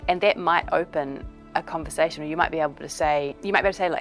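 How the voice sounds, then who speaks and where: Low-pitched gravelly woman, New Zealand accent, psychologist explaining calmly, soft music behind. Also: rapid-fire. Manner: warm practical advice with acted-out examples. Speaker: child and family psychologist. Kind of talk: explanatory talk to camera.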